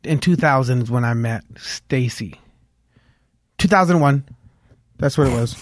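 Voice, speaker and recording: A man's voice: mid-range voice, a little slow, no room sound, studio quality. A man from Los Angeles, a musician guest, telling stories in a casual interview, with lots of fillers and restarts. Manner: rambling storytelling with many fillers.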